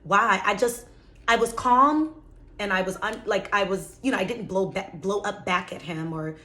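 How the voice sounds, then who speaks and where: A woman's voice: mid-range voice, moderate pace, sharp tone. A woman telling a personal story in a chatty, casual way, full of fillers and exasperated asides. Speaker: vlogger.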